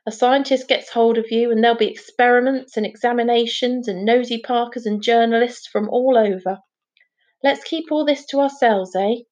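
A woman's voice: fairly high pitch, steady tone, moderate pace, darkish tone, dull audio, close to an everyday voice. A woman voicing an anxious, protective middle-aged father who earnestly warns his son. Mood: worried. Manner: worried, earnest, warning.

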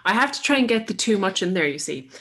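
A woman's voice: mid-range voice, big pitch swings, fast talker, fairly bright tone, breathy edge. A woman co-hosting a casual podcast, making up a story as she goes with lots of fillers. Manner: rambling, filler-heavy storytelling. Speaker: podcast co-host.

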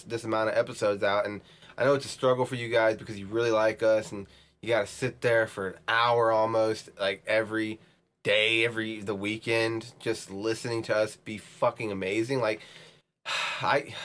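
A man's voice: lowish voice, fairly bright tone. A man co-hosting a podcast, chatting casually in a rambling, sarcastic way. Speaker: podcast co-host. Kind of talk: casual chat.

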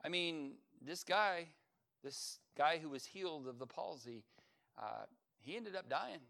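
A man preaching a sermon as pastor, earnest, with sudden swells in loudness. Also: on the high side, expressive, measured pace, creaky. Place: church service.

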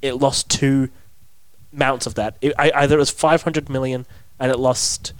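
A man's voice: medium pitch, little pitch movement, normal speed, no echo. A young Australian man co-hosting a podcast, joking and rambling in casual chat. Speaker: podcast co-host.

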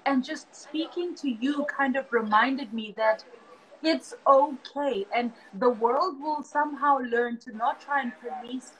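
Woman podcast host, high voice, earnest and encouraging, faint background hum. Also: measured pace, fairly bright tone, low-quality recording. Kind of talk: casual conversation.

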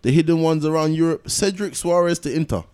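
A man's voice: fairly high pitch, brisk, a little mellow. A young man, trading teasing, sing-song jabs in casual football banter. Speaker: football podcast co-host.

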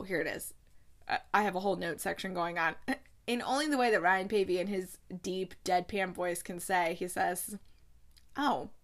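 Young woman host, casual movie recap, chatty and gushing, mid-pitched voice. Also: fairly bright tone. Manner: gushing, chatty, laughs often while retelling scenes.

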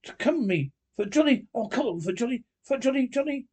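A man voicing a boastful, excitable male toad who blusters and swaggers. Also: very high voice, brisk, breathy edge, pitched above the performer's own voice, full character voice. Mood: blustering.

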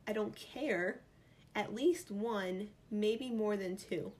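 A woman's voice: mid-range voice, takes it slowly, darkish tone, slight background noise. A woman with a New York accent, vlogging in casual chat, reading out quiz options and thinking aloud playfully. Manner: chatty, playful, reads options aloud and muses.

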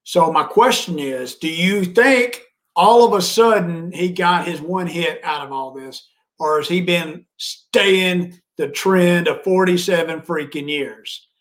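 Blunt, higher-voiced male podcast co-host. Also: takes it slowly, a bit bright. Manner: blunt, mild cursing. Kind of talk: casual political commentary.

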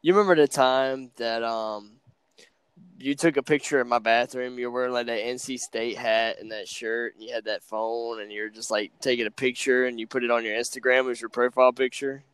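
A man's voice: mid-range voice, steady tone, a little fast, a bit bright, smooth, dry recording. A young man, a podcast guest, chatting casually and poking fun at himself while he recalls shared memories. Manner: easygoing, self-mocking storyteller. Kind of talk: casual chat.

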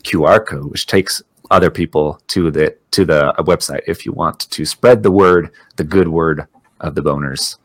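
A man's voice: very deep voice, moderate pace, a bit bright, no room sound. A man co-hosting a podcast, chatting casually and joking, laughing often. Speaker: podcast co-host. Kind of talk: casual chat.

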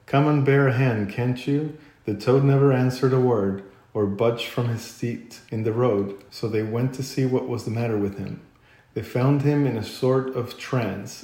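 Mellow-voiced man reading a storybook aloud. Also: medium pitch. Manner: unhurried, occasional slips and throat-clearing. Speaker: narrator. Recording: echoey room.

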